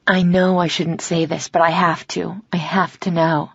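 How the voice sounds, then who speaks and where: Low-voiced woman narrating a romance audiobook. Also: flat delivery, normal speed, few pauses, no room sound, dull audio. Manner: acts out dialogue, softer and lower for the male lover.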